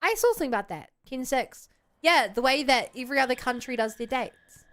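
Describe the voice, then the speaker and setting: A woman's voice: high-pitched, expressive, brisk, fairly bright tone. A woman streamer giving casual, playful commentary while she plays, joking with chat and laughing often.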